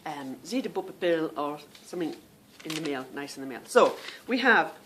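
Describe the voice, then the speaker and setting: A woman's voice: low voice, lively intonation, normal speed, a bit bright, slight background noise. Chatty woman hosting a homey podcast. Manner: chatty, calls listeners "girl" and "girlies". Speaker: podcast host. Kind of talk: casual chat.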